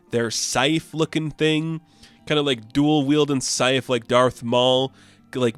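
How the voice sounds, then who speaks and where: Man, comic reviewer, casual rambling, enthusiastic, smooth voice, dry close mic. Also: medium pitch, a bit bright, no echo. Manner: enthusiastic, rambling with many fillers.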